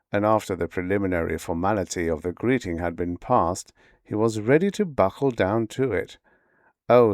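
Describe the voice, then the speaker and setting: A man narrating a bedtime sleep story in an unhurried, low voice. His pitch moves expressively across a wide range, and the sound is dry and close. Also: a little mellow, dry recording.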